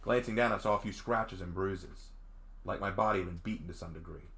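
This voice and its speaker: A man's voice: deep voice, brisk, a bit bright. A man hosting a let's play, reading his story's first-person narration and breaking in with enthusiastic asides. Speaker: game host and writer.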